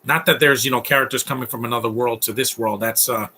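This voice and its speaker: A man's voice: mid-range voice, fairly even intonation, fast, pushed and bright, a little hiss or hum. A man in his thirties giving a casual, opinionated live commentary on a film, chatty and full of fillers. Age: 30s. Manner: chatty, opinionated, laughs often, many fillers.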